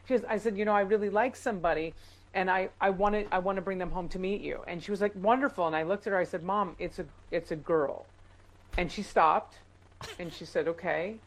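Brief: quick-talking woman comic, guest on a chat show, chatty storyteller. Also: lowish voice, low-quality recording. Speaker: comedian guest. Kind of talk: casual chat.

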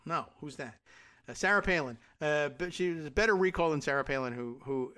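A man's voice: medium pitch, sharp tone, clear, resonant tone. Sarcastic man reading the news. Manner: sarcastic, wry asides while reading. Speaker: podcast host. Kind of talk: political commentary, reading news aloud.

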